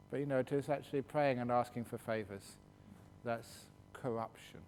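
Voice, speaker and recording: A man, a meditation teacher, answering questions at a retreat in a jokey, animated storytelling manner. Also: mid-range voice, a little hiss or hum. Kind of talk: retreat Q&A talk. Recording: reverberant hall.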